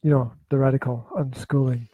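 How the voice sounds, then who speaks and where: A man's voice: mid-range voice, level tone, brisk, dry recording, narrow, tinny audio. A man hosting a parenting podcast in casual chat, joking and rambling with many restarts. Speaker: podcast host.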